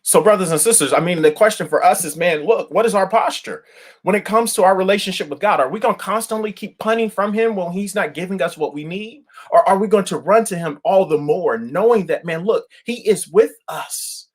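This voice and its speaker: Animated, higher-voiced male pastor. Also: fairly quick. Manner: animated storyteller, colloquial and emphatic. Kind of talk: daily devotional sermon.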